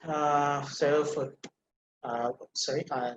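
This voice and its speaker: Guy teaching pronunciation online, kinda high voice, echoey room with a bit of hiss, patient and slow on the demo words. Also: fairly bright tone. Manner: patient, repeats words slowly to model pronunciation. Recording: echoey room with faint noise.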